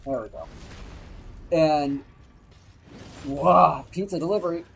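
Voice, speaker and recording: A man's voice: a little high, slow pace, gravelly, a bit bright, a little hiss or hum, low-quality recording. A young man streaming live, telling a rambling, profane story while he plays a game. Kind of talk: casual chat while gaming on a live stream.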